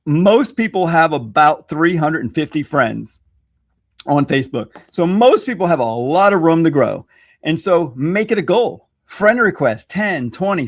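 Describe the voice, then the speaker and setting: A man from Louisiana, a social media expert guest, explaining strategy in an animated, self-deprecating way and laughing readily. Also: fairly high pitch, a little slow, no echo. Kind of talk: conversational teaching.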